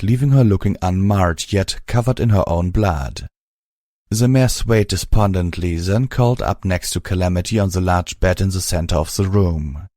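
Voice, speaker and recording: A man narrating an audiobook in a steady, measured storytelling voice. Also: deep voice, no echo, studio quality. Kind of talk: scripted narration.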